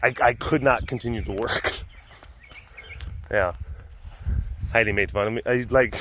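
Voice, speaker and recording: A man hosting a casual vlog at a wild animal facility, talking in an animated way, laughing often and restarting his sentences. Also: mid-range voice, a little slow, pauses often.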